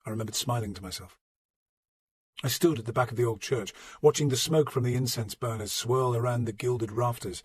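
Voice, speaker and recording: Male narrator, measured storytelling, husky tone, dry close recording. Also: medium pitch, darkish tone, no room sound. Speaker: audiobook narrator. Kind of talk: scripted narration.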